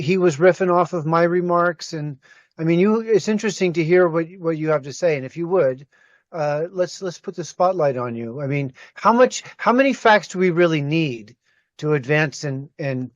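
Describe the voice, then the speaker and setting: A man's voice: a little high, moderate pace, no echo. Man, moderator, dry close sound, dull lo-fi call audio. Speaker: discussion moderator. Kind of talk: casual group discussion.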